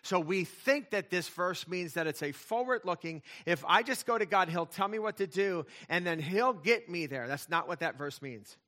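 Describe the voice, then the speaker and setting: A man's voice: high voice, expressive, normal speed, few pauses, pushed and bright. A middle-aged male pastor preaching a sermon, emphatic, with intensity that swells and drops back.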